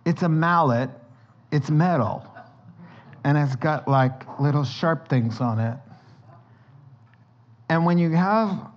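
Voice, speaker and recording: A man delivers a sermon in a fairly high voice, acting out sounds and voices as he tells stories. The recording is dull and lo-fi, with the top end rolled off. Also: slow, pauses often, a little hiss or hum. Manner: lively storytelling, acts out sounds and dialogue. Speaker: pastor.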